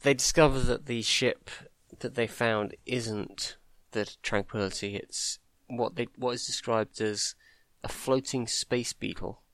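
A man in a relaxed podcast discussion, speaking in a measured way with dry asides. His voice is smooth and resonant, and it is recorded close and dry. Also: mid-range voice, no echo. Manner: measured, reads passages aloud, dry remarks. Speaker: podcast co-host. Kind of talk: casual book discussion.

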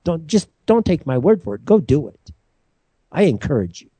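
A man's voice: a little high, very animated, normal speed, mellow, breathy edge, dry recording. An American man in a heated, repetitive ranting monologue, telling a story with emphatic force. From United States.

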